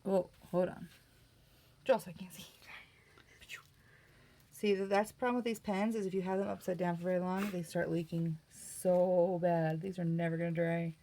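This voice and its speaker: A middle-aged woman talks her way through a painting session at her craft table, chatty and teasing herself as she goes. Her mid-range voice carries a gravelly fry, with a faint hiss in the background. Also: lowish voice, little pitch movement, moderate pace, pauses often, dark tone. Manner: chatty, self-mocking, laughs easily. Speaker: art vlogger. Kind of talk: casual crafting tutorial chat.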